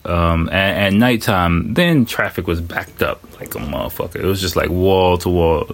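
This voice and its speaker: Deep-voiced guy rambling through a story, lots of "like, you know" and cussing. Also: animated, normal speed. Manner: loose, profane, full of fillers and quoted asides. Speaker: storyteller recounting personal experience. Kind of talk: casual spoken monologue. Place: living in Japan.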